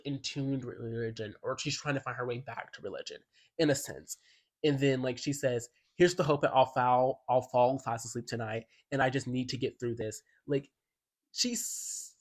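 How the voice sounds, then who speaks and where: Speaking in a medium-pitched voice with a darkish tone, a male YouTuber chats excitedly through an album review. Casual and talkative, he fills his sentences with "like."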